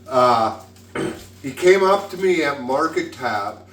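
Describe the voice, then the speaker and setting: A man's voice: medium pitch, lively intonation, takes it slowly, fairly bright tone, roomy sound, distant mic, a little hiss or hum. A tipsy man hosting a casual cooking vlog in his home kitchen, rambling, giggling and swearing freely as he cooks. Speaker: home cook, vlog host.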